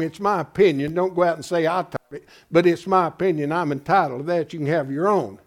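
A man's voice: on the high side, fairly quick. A pastor preaching in an emphatic, folksy way, asking his congregation rhetorical questions. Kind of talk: sermon.

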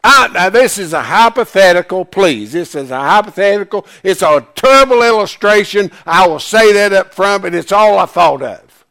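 A man's voice: high voice, lively intonation, moderate pace, gravelly, fairly bright tone. A man preaching a sermon, emphatic, firing questions at the congregation. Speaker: pastor.

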